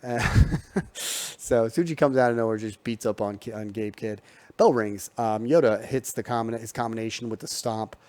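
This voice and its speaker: A man's voice: lowish voice, normal speed, darkish tone, no room sound. A man giving a casual, loose recap of wrestling matches, full of ums and restarts, recorded at home. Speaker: wrestling show reviewer.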